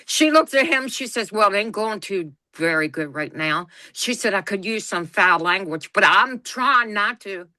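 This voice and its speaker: Woman, bright, close and dry sound, blunt, folksy storyteller. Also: mid-range voice, expressive, normal speed, hardly any pauses, no echo. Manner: folksy, blunt, laughs through her stories. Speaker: podcast co-host. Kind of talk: casual storytelling chat.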